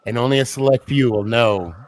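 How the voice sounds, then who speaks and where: A man's voice: mid-range voice, fairly quick. A man hosting a casual call-in sports podcast, talking loosely with slang and thanking his guests. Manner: laid-back, slangy, thanks guests warmly. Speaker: podcast host.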